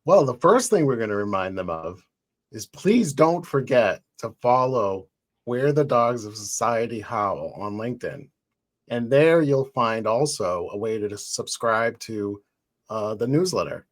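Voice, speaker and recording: A man co-hosting a live show, his voice sitting a bit low. He talks easily and agreeably, quick to chime in and laugh along. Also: animated. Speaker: co-host.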